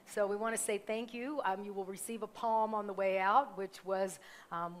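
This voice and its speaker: A middle-aged woman minister giving chatty, rambling announcements at a live church service, full of ums and asides. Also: mid-range voice. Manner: chatty, warm asides, self-correcting, many ums.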